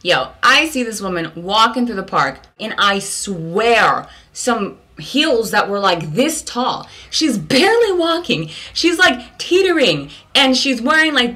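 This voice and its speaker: A woman from California hosting her own vlog, telling stories in a slangy, comic rant with sudden high outbursts. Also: bright, forceful tone. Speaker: vlog host.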